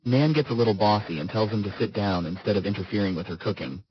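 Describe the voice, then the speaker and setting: Male recap narrator with a lowish voice and steady delivery; muffled lo-fi sound with constant hiss. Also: quick pace. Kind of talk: scripted story recap narration.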